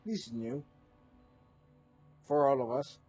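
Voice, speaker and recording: A man's voice: medium pitch, animated, slow pace, a little mellow, faint music behind. A man serving as game master, narrating a tabletop game with an earnest tone and steering the players back on track.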